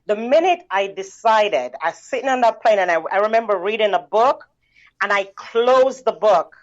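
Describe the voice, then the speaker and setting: A woman from the Caribbean tells her story as an interview guest. She talks in an animated way, with lots of "you know"s and laughter. The recording sounds muffled and lo-fi. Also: medium pitch, normal speed. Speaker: guest, bookkeeping business owner.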